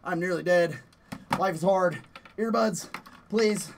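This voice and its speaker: A man streaming a horror game, yelling and playfully cursing at enemies, out of breath after push-ups. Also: high voice, slow, background noise. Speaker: gaming streamer. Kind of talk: live gameplay commentary.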